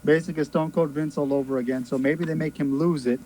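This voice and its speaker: A man on a podcast panel in casual chat, teasing the others and quick to make bets. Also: on the high side, fairly even intonation, mellow, a little hiss or hum, rough recording.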